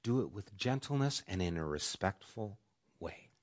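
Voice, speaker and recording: A man with a low-set voice preaches a sermon, the kind a pastor gives to his congregation. He is middle-aged and shifts his volume a lot, pushing some phrases out strongly and dropping others almost to a whisper. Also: lively intonation, moderate pace. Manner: varies volume, dropping to soft whispers for emphasis.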